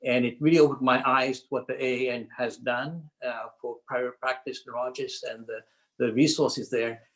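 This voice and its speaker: Male panelist, mid-pitched, halting conversational delivery full of fillers. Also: steady tone, rough recording. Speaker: panelist neurologist. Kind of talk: panel discussion storytelling.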